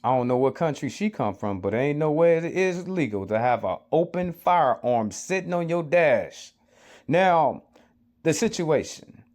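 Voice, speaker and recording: High-voiced man lecturing urgently. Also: expressive, unhurried, a little mellow. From United States. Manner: urgent, lecturing, repeats himself. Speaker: commentator reacting to a clip. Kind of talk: preachy social commentary.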